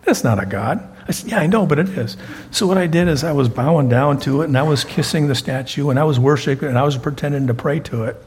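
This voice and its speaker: A man's voice: on the high side, fast, darkish tone, a little hiss or hum. An older man preaching a sermon as pastor, telling folksy stories and often repeating words as he goes.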